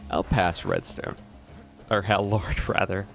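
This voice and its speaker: A man's voice: low-pitched, unhurried, vocal fry, over music. A young adult man streaming gameplay, rambling and joking with his chat. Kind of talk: casual live gameplay commentary.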